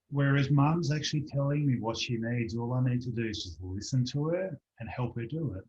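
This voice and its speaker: A man's voice: medium pitch, brisk, hardly any pauses. Man telling a story, lo-fi call. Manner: animated storyteller, acts out voices in anecdotes. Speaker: guest practitioner. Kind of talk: storytelling in an online interview. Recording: dull lo-fi online call audio.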